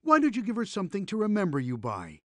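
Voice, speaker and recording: A man voicing a kind, calm father in a preschool cartoon, speaking reassuringly. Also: sits high, quick pace, dry recording, heavily acted. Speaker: father character.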